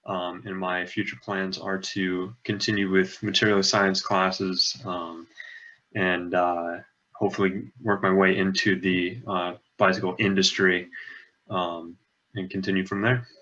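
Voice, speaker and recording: A young man, a student presenter, introducing himself in a measured way with many filler pauses. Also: low-pitched, flat delivery, bright, forceful tone. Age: young adult. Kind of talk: informal self-introduction. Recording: muffled lo-fi call audio.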